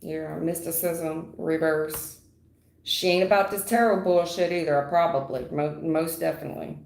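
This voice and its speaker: A woman's voice: deep voice, fairly even intonation, moderate pace, creaky, darkish tone. A woman giving a live tarot reading in a blunt, emphatic, slangy way, repeating her points. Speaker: tarot reader. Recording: roomy echo.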